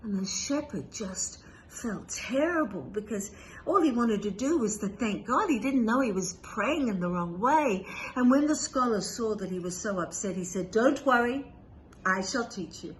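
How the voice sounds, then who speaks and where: A woman storyteller telling a tale during a religious service in a gentle, expressive way. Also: medium pitch, normal speed, slight background noise.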